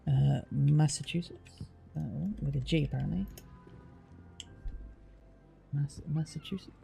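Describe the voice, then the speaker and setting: A man's voice: a little high, steady tone, a little slow, vocal fry, warm tone, soft background music. A British man streaming, chatting casually with viewers and explaining at length, with a lot of restarts. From Britain. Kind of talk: casual chat reading viewer comments.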